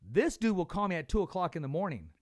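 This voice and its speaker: Animated, lively podcast host man. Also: high voice, fast talker. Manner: animated storyteller, repeats words, laughs often. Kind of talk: casual interview chat.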